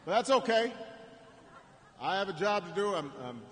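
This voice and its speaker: A man giving a storytelling campaign speech at a rally in a large arena, with frequent repeated words and restarts and pauses for effect. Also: sits high, big pitch swings, fairly bright tone, a little hiss or hum. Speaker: political speaker at a rally. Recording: echoing arena with faint ambience.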